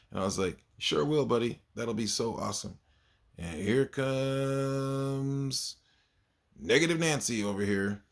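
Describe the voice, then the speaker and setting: A man's voice: mid-range voice, a little slow, gravelly. A man, a kindergarten teacher, telling stories from his class in a casual vlog and acting out his pupils. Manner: animated, acts out his pupils.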